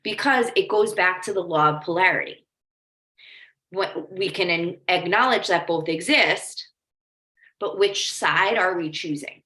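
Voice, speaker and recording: Speaking a little slowly in a fairly low, bright, forceful voice, a woman coaches a training session. She chats casually, leans on "like," and wanders into anecdotes while the room echoes around her.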